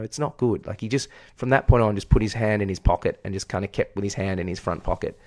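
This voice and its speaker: This Australian man talks fast with few pauses, his lowish voice slightly mellow and touched by vocal fry. Co-hosting a podcast, he tells a long story, candid, profane and self-deprecating, in casual chat, with no echo.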